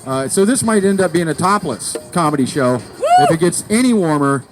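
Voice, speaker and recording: A man's voice: a little high, lively intonation, a little fast, loud music behind the voice. A man hosting an outdoor comedy show in a park, rambling and joking as he introduces the comedians. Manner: rambling, joking, stumbles over names. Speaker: show host. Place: outdoors in a city park under a tree.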